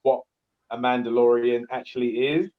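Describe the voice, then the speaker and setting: A man's voice: medium pitch, steady tone, normal speed. Male podcast co-host, a rambling, hesitant talker with a muffled lo-fi line. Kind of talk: casual chat. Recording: dull lo-fi audio.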